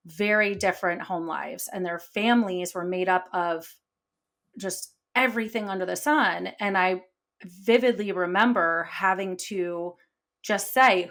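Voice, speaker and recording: A woman co-hosts a casual podcast chat and freely admits she over-explains everything. Her voice sits a little low. She talks at length about her classroom days. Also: a bit bright. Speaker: podcast co-host, former teacher.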